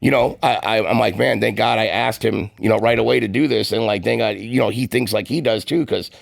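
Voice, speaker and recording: A man co-hosting a roofing podcast, telling a long story in a quick, rambling way full of fillers. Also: lowish voice, gravelly, no room sound, studio quality. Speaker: podcast co-host. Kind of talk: casual podcast chat.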